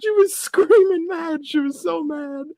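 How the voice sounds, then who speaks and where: High-voiced man laughing through a story. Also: unhurried, noisy background. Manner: laughs through his own story, animated. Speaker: podcast guest. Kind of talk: casual storytelling.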